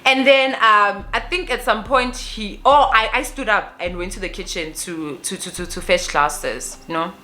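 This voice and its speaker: Bright-voiced young South African woman. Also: medium pitch, normal speed, hardly any pauses. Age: young adult. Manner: animated, mixes in Zulu phrases. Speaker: vlogger. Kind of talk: casual storytelling.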